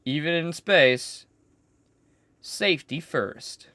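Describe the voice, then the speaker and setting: A game streamer giving casual joking commentary in a goofy, animated manner. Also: medium pitch, takes it slowly, no room sound.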